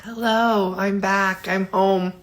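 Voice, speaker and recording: A woman's voice: medium pitch, steady tone, takes it slowly. A woman in her forties, tired, telling a rambling, candid story in a casual personal vlog from home, full of fillers. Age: 40s. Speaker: vlogger.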